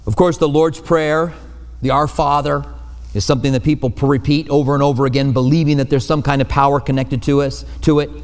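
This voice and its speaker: A man's voice: on the high side, little pitch movement, fairly quick. A male pastor giving a sermon from a church pulpit, talking in a conversational way with self-deprecating asides. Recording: long hall reverb.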